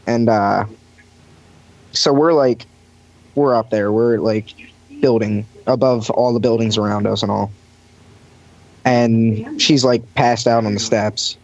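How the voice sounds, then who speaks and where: He takes it slowly, with long pauses and a lowish, darkish voice. The young man is a podcast guest recounting his lifeguard job in a rambling, casual way, full of fillers and acted-out quotes, captured in dry, dull lo-fi audio.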